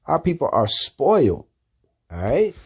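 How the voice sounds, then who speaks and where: A man's voice: on the high side, wildly swooping pitch, measured pace, slightly rough. Preachy man ending lines with "man". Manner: repetitive, ends phrases with "man". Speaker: commentator reacting to video. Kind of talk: preaching commentary.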